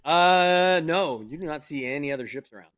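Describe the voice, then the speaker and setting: A man narrating as game master, rambling and animated, with spoken sound effects. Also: on the high side, moderate pace, no room sound.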